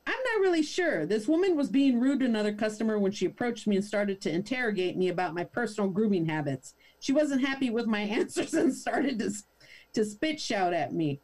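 A woman voicing a dry, sarcastic male shopper who answers in a deadpan way. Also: mid-range voice, a little fast, close to an everyday voice.

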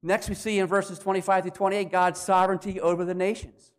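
A man with a notably high voice preaches a sermon. He explains scripture in an animated way, now and then slipping into acted voices to drive a point home. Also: brisk. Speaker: pastor.

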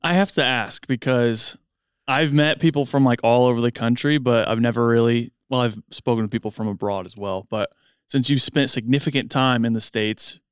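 A man's voice: medium pitch, moderate pace, clear, resonant tone, no room sound, clean studio sound. Easygoing young man from Indiana. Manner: relaxed, easygoing, with fillers like "like". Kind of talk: casual podcast chat.

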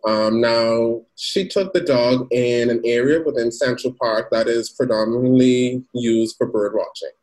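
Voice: medium pitch, measured pace, hardly any pauses, poor audio. A podcast co-host retelling a news story in casual chat. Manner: lively retelling with acted quotes.

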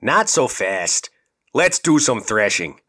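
A man doing a pushy, husky rival. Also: medium pitch, very animated, slow pace, pushed and bright, heavily acted. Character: pushy male rival, bullying, insistent.

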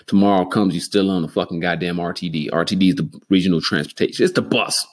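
A man hosting a solo podcast, rambling and cursing freely, sometimes getting excitable. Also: low-pitched, fast, few pauses. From Denver, Colorado. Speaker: podcast host. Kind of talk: solo casual podcast monologue.

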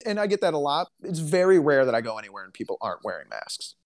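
A fast-talking Alabama man with a fairly high, sing-song voice co-hosts a casual podcast chat. His storytelling is chatty, dry, and full of jokes.

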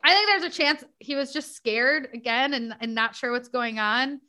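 A woman's voice: sits high, moderate pace, pushed and bright. A woman hosting a podcast, talking casually with many fillers and asides. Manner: chatty, many fillers like "like" and "you know". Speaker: podcast host. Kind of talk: casual chat.

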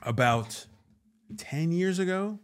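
A man's voice: fairly high pitch, expressive, slow, clean tone. A man, an actor and comedian, chatting casually as a podcast guest and acting out quotes in put-on voices. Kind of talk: casual storytelling chat.

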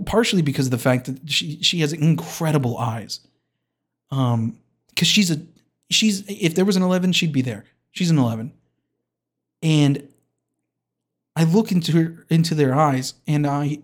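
A man's voice: on the high side, a little mellow. A man hosting a podcast, delivering a comedic rant that is rambling and hyperbolic and keeps interrupting and restarting itself. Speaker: podcast host.

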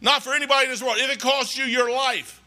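High, bright-voiced preacher. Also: male voice, steady tone, quick pace. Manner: rambling, conversational, emphatic. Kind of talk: folksy sermon. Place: church.

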